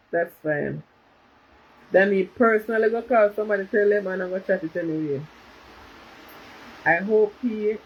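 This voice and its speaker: A woman's voice: mid-range voice, highs cut off, a little hiss or hum. A woman chatting casually on a livestream, reading out viewers' comments and slipping into patois. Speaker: livestream host. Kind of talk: casual live chat with viewers.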